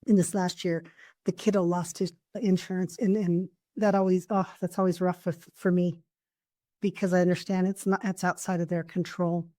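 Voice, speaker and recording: Low mellow-voiced woman coach. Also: level tone, moderate pace, no room sound. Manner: earnest storytelling, warm anecdotes. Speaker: coach and therapist. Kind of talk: casual podcast chat.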